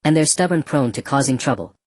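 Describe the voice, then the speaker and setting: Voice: medium pitch, animated, fast talker, no echo, clean studio sound, lightly acted. A narrator voicing a cruel, mocking male slave trader in a black robe, speaking casually and scornfully. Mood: cold mockery. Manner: casual, scornful, matter-of-fact.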